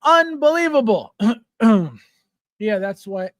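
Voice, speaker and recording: A man's voice: very high voice, lively intonation, normal speed, a bit bright, no room sound, clean studio sound. A man hosting a livestream, ranting bluntly and with heavy profanity as he reads out and answers viewer chat. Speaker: livestream host. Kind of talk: casual livestream rant.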